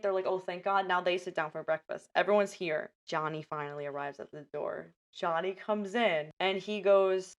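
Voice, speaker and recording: A young woman hosting a casual podcast, retelling movie scenes in animated detail and acting out the characters' lines. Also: fairly low pitch, moderate pace, few pauses. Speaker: podcast host.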